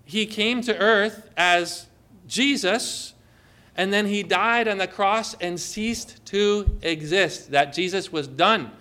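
A man's voice: high voice, takes it slowly, sharp tone. A man preaching a sermon to a congregation, emphatic and asking them questions. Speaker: pastor.

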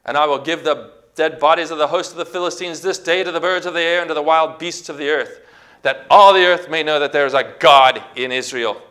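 Man doing a young shepherd hero, defiant and loud, bright forceful voice. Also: a little high. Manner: fast, loud, proclaiming.

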